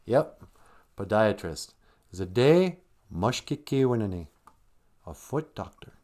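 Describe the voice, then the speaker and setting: A man's voice: on the low side, sing-song, slow pace, darkish tone. A man hosting a live stream, telling a wandering comedic monologue and laughing at his own jokes.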